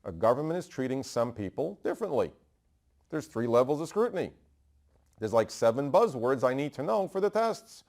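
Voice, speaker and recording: A man from New York teaching a bar exam review, fast and emphatic, asking rhetorical questions and answering them himself. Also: mid-range voice, very animated, darkish tone. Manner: brisk and emphatic, repeating key terms. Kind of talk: energetic law review lecture.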